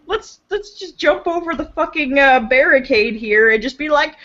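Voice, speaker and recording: A woman's voice: sits high, unhurried, pushed and bright. A woman co-hosting a casual podcast, swearing casually and laughing often as she talks. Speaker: podcast co-host. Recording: dull lo-fi podcast audio.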